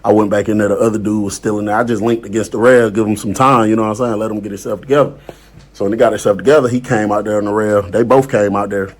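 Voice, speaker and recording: A man's voice: lowish voice, fairly even intonation, fast talker. A man casually telling a story from prison, slangy and laid-back, full of "bro" and "you know what I'm saying".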